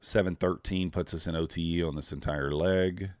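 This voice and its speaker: A man's voice: sits low, fairly even intonation, moderate pace, darkish tone, no echo, clean studio sound. A tired young man, chatting casually with live-stream viewers while trading. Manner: laid-back, drawling, greets chat viewers. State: tired, yawning. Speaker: futures trader streaming live.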